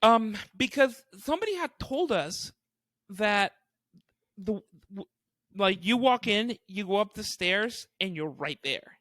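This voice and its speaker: A young man, a stand-up comedian and podcast co-host, telling animated stories with lots of swearing and acted-out quotes. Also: high-pitched, slow pace, no room sound. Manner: animated, acts out quotes, swears often, laughs while telling. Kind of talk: casual storytelling chat.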